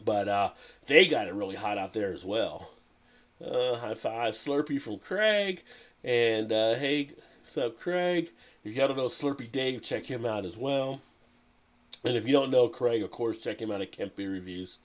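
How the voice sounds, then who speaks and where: A man's voice: medium pitch, expressive, unhurried. A man hosting a live stream in a casual chat. He reads viewer comments aloud, greets people and laughs often.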